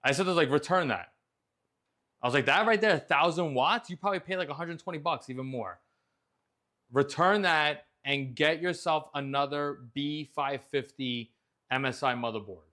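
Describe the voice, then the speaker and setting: A man's voice: fairly high pitch, normal speed, sharp tone. A man, hosting a casual chat show and telling a story with a lot of animation and frequent swearing. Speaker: host.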